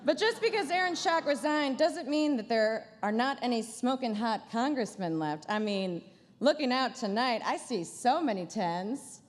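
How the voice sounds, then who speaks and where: A woman's voice: on the high side, animated, moderate pace, in a large hall, slight background noise. A woman comedian doing a stand-up roast at a banquet dinner, with a dry, sarcastic delivery and playful asides. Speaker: comedian headlining a gala dinner. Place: large banquet hall.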